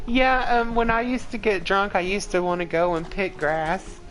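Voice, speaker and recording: A woman's voice: medium pitch, steady tone, moderate pace, faint music behind, rough recording. A woman in her forties telling rambling stories to a live chat as a game streamer. She laughs often mid-sentence and leans heavily on "like". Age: 40s. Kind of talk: casual storytelling to a live chat.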